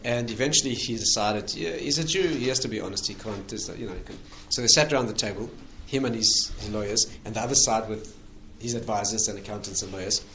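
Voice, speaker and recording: With hardly a pause, a low-voiced rabbi tells stories quickly in a conversational lecture, laughing at his punchlines as he goes. A little hiss or hum sits under the audio.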